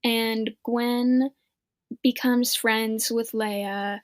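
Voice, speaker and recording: A young woman co-hosting a podcast, chatting casually in a slow, measured way. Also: on the high side, steady tone, no room sound. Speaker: podcast co-host. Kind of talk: casual review chat.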